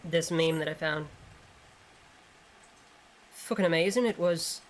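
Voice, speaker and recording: A woman's voice: deep voice, unhurried, slight background noise. Joking, swearing woman gaming streamer. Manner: rambling, joking, swears freely. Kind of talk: casual gameplay commentary.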